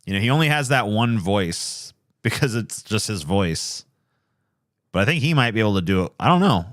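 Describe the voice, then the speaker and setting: A man's voice: on the low side, animated, normal speed, fairly bright tone. A man streaming late at night, chatting casually in a rambling, profane, self-deprecating way.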